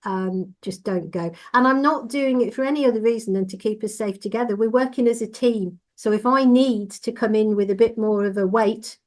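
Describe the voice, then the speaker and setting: A woman who trains driving instructors, talking in a measured, reassuring and explanatory way in a casual podcast discussion. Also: fairly high pitch, a little mellow.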